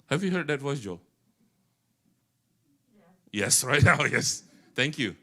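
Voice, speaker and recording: A middle-aged man, an animated pastor preaching to a church and teasing the congregation. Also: mid-range voice, slow pace. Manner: animated, teasing the congregation, mixing English with Indonesian. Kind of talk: sermon.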